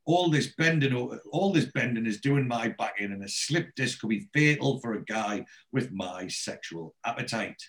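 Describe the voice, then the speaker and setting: A man's voice: mid-range voice, lively intonation, moderate pace, hardly any pauses, a bit bright. A man voicing a cheeky, boastful male builder. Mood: teasing.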